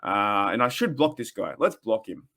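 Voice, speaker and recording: A man's voice: lowish voice, animated, normal speed, pushed and bright. An Australian man in his thirties hosting a casual sports fan podcast, ranting in a rambling, heated way with frequent restarts. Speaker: podcast host.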